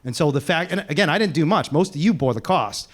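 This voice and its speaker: A man speaking on a panel as an animal rights activist, animated and laughing as he tells stories. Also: fairly high pitch. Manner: animated, fast, laughing storyteller. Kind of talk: casual panel talk.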